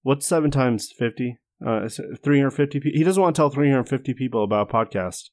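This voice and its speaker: A man's voice: medium pitch, fairly quick, darkish tone. A young man from the United States, co-hosting a podcast in casual chat with a dry, joking manner. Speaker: podcast co-host.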